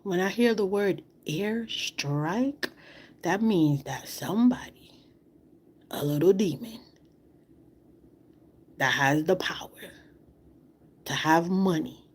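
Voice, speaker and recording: A woman from outside the United States gives an emotional livestream monologue, fighting back tears. Her fairly low, slightly rough voice is slow with long pauses, and she speaks impassionedly and repetitively, asking many rhetorical questions.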